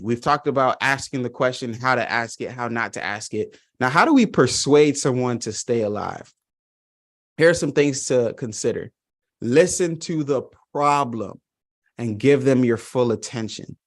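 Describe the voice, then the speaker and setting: Male trainer, earnest and emphatic, direct address in a remote session. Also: mid-range voice. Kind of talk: online training presentation.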